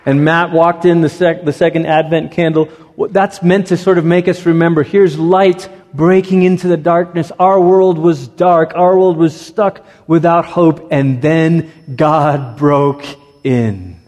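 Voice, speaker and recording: A man's voice: on the high side, fairly even intonation, a little slow, darkish tone. A man preaching a sermon as pastor in a church, talking conversationally with frequent restarts and stumbles. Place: church sanctuary. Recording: long reverb of a church hall.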